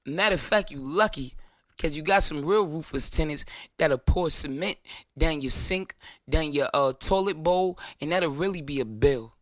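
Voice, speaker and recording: A man's voice: on the high side, moderate pace, fairly bright tone, no echo. Brash, profane man ranting, dry sound. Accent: New York. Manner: mocking whiny voices of critics. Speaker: show host. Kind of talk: ranting monologue.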